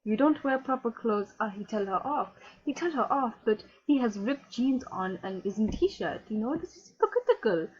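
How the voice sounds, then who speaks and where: Woman doing a pious Somali immigrant gamer, Somali accent, broken English, moralizing, high husky voice, muffled recording. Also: animated, normal speed, close to an everyday voice. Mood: disapproving. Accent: put-on Somali accent. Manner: preachy, scandalized, broken English. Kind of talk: in-character troll gameplay commentary. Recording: dull lo-fi recording.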